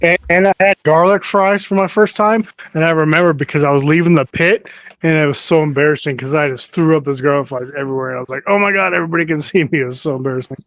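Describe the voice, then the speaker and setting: Male guest, higher-pitched, chatty, dry close sound. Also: steady tone, quick pace, fairly bright tone, dry recording. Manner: chatty, rambling, laughs at himself. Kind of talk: casual chat.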